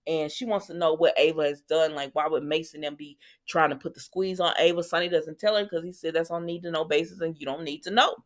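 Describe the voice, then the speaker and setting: A woman's voice: sits low, steady tone, a little fast, few pauses. Woman, soap recap host, chatty, sassy asides, casual.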